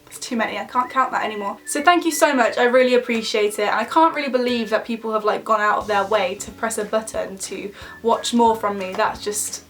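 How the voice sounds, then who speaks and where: A woman's voice: a little high, a little fast. A woman in her twenties with an English Midlands accent, chatting casually through a Q&A vlog with lots of "like" fillers. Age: 20s. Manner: chatty and bubbly, many "like" fillers. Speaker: YouTuber.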